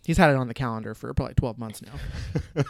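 A man's voice: medium pitch, brisk, creaky, darkish tone, a little hiss or hum. A man hosting a podcast, chatting casually and joking around with friends. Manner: laid-back, joking, laughs often. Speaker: podcast host. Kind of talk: casual chat.

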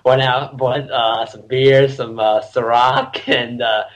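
A young man in his twenties talks as a guest on a casual podcast. He tells his stories with energy, breaks into laughter often and shouts out the lines he quotes. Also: medium pitch, fairly even intonation, takes it slowly, low-quality recording. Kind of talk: casual chat.

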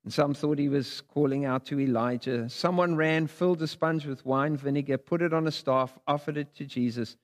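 In a church sanctuary with long hall reverb, a man preaches a sermon, reading scripture dramatically with big rises and drops in his voice. He sits on the high side, speaks at normal speed and barely pauses.

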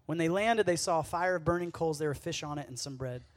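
Preaching to a youth camp, this man speaks in a slightly high voice with a relaxed, chatty style. He playfully performs the lines he quotes, and there's no room sound in the clip.

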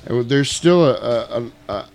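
A man's voice: medium pitch, animated, normal speed, creaky, darkish tone, faint music behind. A man hosting a podcast, a little tipsy, chatting loosely and cursing freely. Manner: loose, rambling, profane. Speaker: podcast host. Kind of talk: casual chat.

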